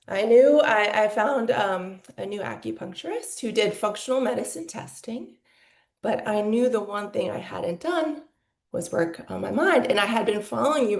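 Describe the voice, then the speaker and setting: A woman's voice: mid-range voice, creaky, a little mellow, roomy sound. A woman in her forties telling her personal story as a podcast guest, candid and emotional, with lots of "like" fillers. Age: 40s.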